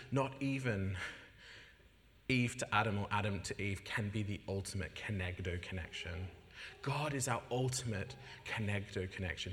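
A man giving an animated personal testimony as a guest preacher, acting out the voices of the people in his story and laughing often. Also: on the low side. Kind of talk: testimony in a sermon. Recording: long hall reverb.

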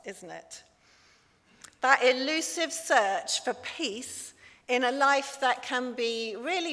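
A woman preaching a sermon in church, chatty and gently self-deprecating. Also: on the high side. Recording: long church reverb.

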